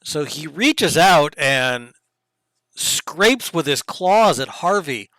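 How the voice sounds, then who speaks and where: Young man, game master for online tabletop session; smooth, slightly high voice, dry close mic. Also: lively intonation, dry recording. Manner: casual, quick asides while running the game software. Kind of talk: narrating a tabletop game over voice chat.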